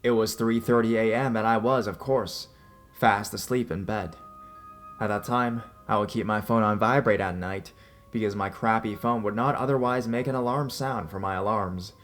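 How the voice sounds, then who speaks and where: A young adult man calmly reading first-person horror stories as a narrator. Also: on the low side. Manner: calm, measured storytelling. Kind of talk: scripted narration. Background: faint background music.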